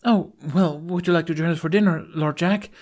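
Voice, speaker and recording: A man reading an audiobook, voicing an eager, nervous young man who stammers with excitement. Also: on the high side, fairly quick, voice pushed up, lightly acted. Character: eager nervous young male dragon scholar.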